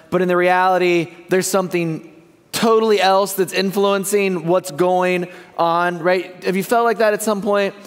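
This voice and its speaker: A male pastor giving a casual, joking sermon, often checking in with the congregation. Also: high-pitched. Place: church sanctuary. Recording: long church hall reverb.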